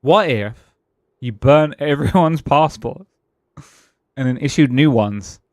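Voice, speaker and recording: A British man chatting casually over a game stream, his voice sitting at an ordinary middle pitch. He rambles through his thoughts, restarting sentences and chuckling between them. The sound is dry and close, with no room around it. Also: no echo. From Britain. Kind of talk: casual gaming-stream chat.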